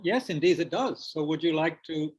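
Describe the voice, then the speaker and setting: At a meditation centre, a man teaches a dharma class and fields questions, hesitant and full of fillers and restarts as he talks with his mouth full of biscuits. His voice is a little high, husky, and animated at a moderate pace, on a low-quality recording.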